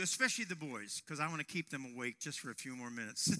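A man preaching a sermon to young men, telling a personal story and raising his voice to a shout at dramatic moments. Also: a little high, sing-song, unhurried, pauses often. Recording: long hall reverb.

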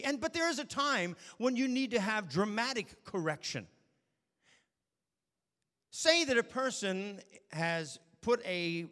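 A man preaching a sermon, telling stories and moving between quiet asides and shouted warnings. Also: a little high, in a large hall.

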